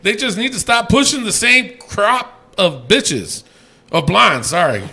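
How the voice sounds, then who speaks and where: A man co-hosting a casual podcast, reading listener ratings aloud in a loose, profane way that swings from mumbling to yelling. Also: high-pitched, animated, measured pace, creaky.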